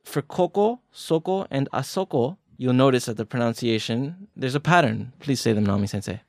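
A man co-hosting a podcast lesson, joking and teasing while explaining grammar slowly. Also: mid-range voice, expressive, darkish tone, no echo, studio quality. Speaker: podcast co-host teaching Japanese. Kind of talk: casual language lesson banter.

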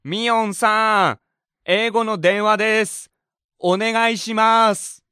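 A cheerful multilingual man, as an actor plays him in a scripted lesson dialogue, talking upbeat and clearly. His voice is sharp and resonant. The recording is dry and close. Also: a little high, lively intonation, normal speed, no room sound. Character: Fabrizio, a friendly multilingual man.

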